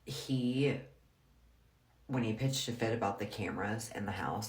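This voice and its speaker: A woman with a bass voice talks a little slowly, leaving long pauses. Her personal story comes out frank, blunt and casual, heavy on "like," as befits a storyteller vlogger. The recording carries a roomy echo.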